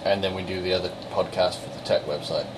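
Lower-voiced man with a Somerset accent, podcast co-host, playful and chatty. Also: steady tone, noisy background. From Somerset, England. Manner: chatty, jokey, quick to laugh. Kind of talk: casual banter and game reviews.

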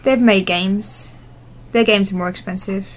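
A woman co-hosting a casual gaming podcast, lively and teasing, often trailing off. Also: mid-range voice, unhurried, a little hiss or hum. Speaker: podcast co-host. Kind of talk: casual chat.

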